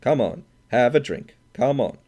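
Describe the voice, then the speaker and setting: A man voicing a drunk, burly, boastful Swedish man who blusters loudly and demands everyone drink with him. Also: mid-range voice, animated, measured pace, voice pushed up, lightly acted.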